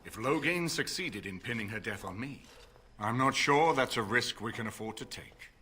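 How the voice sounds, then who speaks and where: An actor playing an older nobleman who speaks in a formal, measured, courteous way. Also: medium pitch, lively intonation, pushed and bright, a little hiss or hum. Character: older male noble lord, grave and measured.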